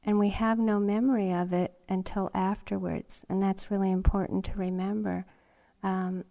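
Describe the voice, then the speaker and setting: A middle-aged woman gives a dharma talk at a meditation retreat. She speaks slowly and reflectively, with many pauses, fillers and soft laughs. Her pitch is mid-range for a woman. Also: vocal fry. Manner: unhurried and reflective, with frequent ums and soft laughs. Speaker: meditation teacher.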